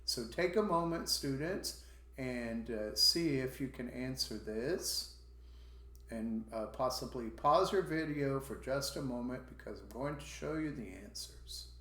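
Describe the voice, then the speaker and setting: A man teaches a recorded language lesson, moving through his points slowly and repeating each example phrase so students can copy the intonation. His pitch swings up and down in a lively way. The sound carries a roomy echo.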